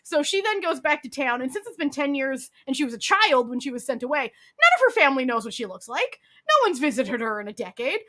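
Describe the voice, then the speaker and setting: Bright, high-voiced woman recapping a drama. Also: brisk, few pauses. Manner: animated storyteller acting out quotes, swears, many "like"s. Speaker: podcast co-host. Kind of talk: casual chat recapping a drama.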